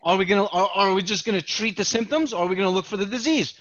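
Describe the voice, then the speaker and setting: A man co-hosting a podcast, rambling in an animated, self-mocking way in casual chat. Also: sits high, fast talker, hardly any pauses, no room sound, dull audio. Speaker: podcast co-host.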